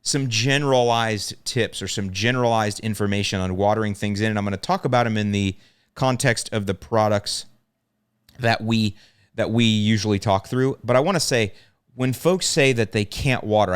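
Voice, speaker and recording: A middle-aged man with a Chicago accent hosts a solo podcast answering lawn care questions, giving practical, direct advice and plainly repeating the key points. His voice is fairly low, smooth, and fairly quick.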